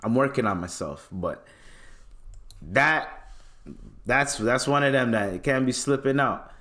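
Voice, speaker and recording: A podcast host launches into a casual comedic rant, animated and profane and often breaking into laughter. His voice is medium in pitch, and he keeps a measured pace.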